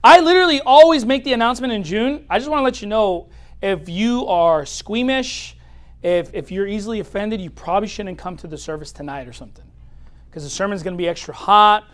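A man preaching a sermon as pastor, swinging from loud declarations to quiet asides and laughing at his own points. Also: sits high, lively intonation, moderate pace.

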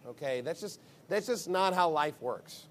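Animated man preaching to wives. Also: on the high side, measured pace, a little hiss or hum. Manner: animated, acts out quoted voices. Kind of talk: sermon-style advice talk.

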